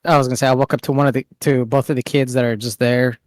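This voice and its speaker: A man playing a tabletop game, declaring his character's actions casually and jumping into higher voices for the character's lines. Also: level tone, racing, dry recording, studio quality. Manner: jumps into bright, high put-on lines for his character's speech. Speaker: player.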